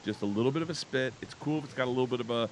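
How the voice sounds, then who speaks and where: A comedian on a podcast, talking in casual banter with animated, incredulous storytelling. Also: male voice, medium pitch, very fast, slight background noise.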